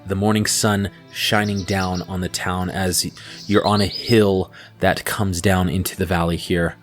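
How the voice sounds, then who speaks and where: Low-voiced male game master narrating. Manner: descriptive, unhurried narration with fillers.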